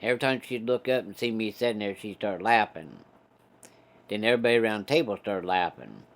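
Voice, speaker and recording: A man's voice: on the low side, expressive, brisk, a bit bright. Folksy man telling a story. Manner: folksy, profane, laid-back drawl of a storyteller. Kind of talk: casual storytelling.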